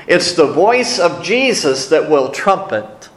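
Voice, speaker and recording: A man's voice: a little high, big pitch swings, slow. A man teaching a sermon on scripture in a conversational, folksy way. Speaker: preacher. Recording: echoey room.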